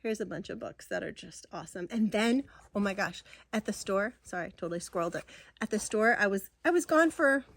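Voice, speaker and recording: A woman's voice: mid-range voice, expressive, fairly quick, creaky. A middle-aged woman from New England chatting casually as she shows off fabric and projects, gushing and rambling with asides. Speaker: stitching vlogger. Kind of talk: casual show-and-tell chat.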